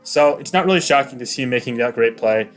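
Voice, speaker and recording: A man giving casual play-by-play commentary on an online battle, chatty and excitable, rambling with lots of fillers. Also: mid-range voice, fast talker, soft background music.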